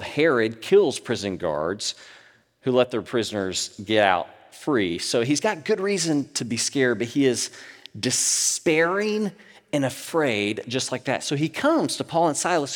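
Dynamic preacher in a reverberant hall. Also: male voice, mid-range voice. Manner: dynamic, swinging from loud bursts to hushed near-whispers. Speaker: pastor. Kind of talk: sermon.

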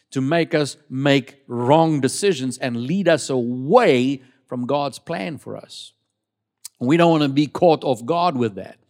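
A middle-aged male pastor preaching a lively sermon in church, leading the congregation in call-and-response. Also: a little high.

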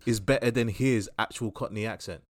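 A British man with a fairly low voice argues his case firmly, pressing his opinions with conviction. The recording is dry and close. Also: a little fast, no room sound. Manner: firm, opinionated arguing. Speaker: podcast co-host. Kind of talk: casual film discussion.

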